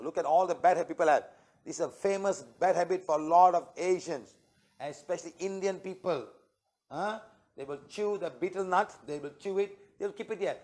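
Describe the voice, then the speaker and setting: High-voiced man lecturing a workshop. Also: darkish tone. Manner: lecturing with rhetorical checks like "okay?" and "huh?"; retells clients' words in short quoted exchanges. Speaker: healing workshop teacher. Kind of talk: lecture to an audience.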